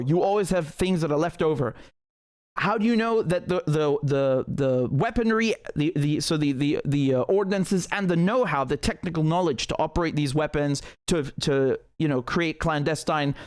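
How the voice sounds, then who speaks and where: Male political streamer, slightly high-pitched, heated and sarcastic, restarts often. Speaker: host of a live political stream. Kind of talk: live-stream commentary.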